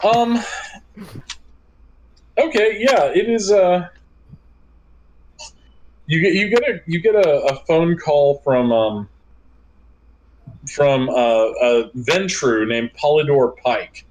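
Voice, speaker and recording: A man narrating as game master of a tabletop game, in a relaxed way with many fillers and restarts. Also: a little high, slow pace, pauses often, poor audio.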